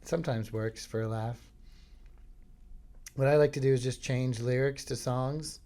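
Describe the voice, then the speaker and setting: A man from Florida hosting a podcast, telling meandering comic stories in a deadpan, filler-heavy way. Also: mid-range voice, a little slow. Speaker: podcast host. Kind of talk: rambling comic monologue.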